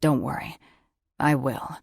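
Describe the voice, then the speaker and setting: A steady male shapeshifter protector, voiced by a woman narrator, firm and urgent. The voice dips low and pushes forward loudly. The recording is dry and close. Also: takes it slowly, vocal fry, slightly rough, no room sound, heavily acted.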